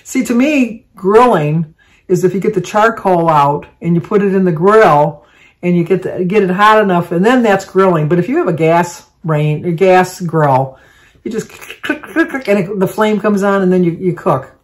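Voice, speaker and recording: A woman's voice: lowish voice, moderate pace. Rambling older woman. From Michigan. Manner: rambling, chatty, meandering with many asides. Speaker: vlogger. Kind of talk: casual chat to camera.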